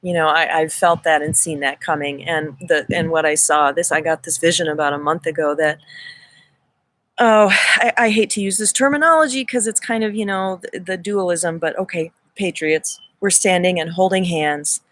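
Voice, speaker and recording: A spiritual reader hosts a livestream, delivering a casual spiritual monologue in a lowish, fairly bright voice at a moderate pace. She is earnest and effusive, often restarting and repeating her words.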